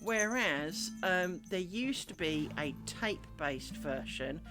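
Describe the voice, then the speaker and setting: A woman's voice: lowish voice, expressive, slow pace. Chatty woman over background music. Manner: rambling, chatty storytelling; mutters and scolds herself while working. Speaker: craft streamer. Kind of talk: casual live-stream chat while working. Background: music playing.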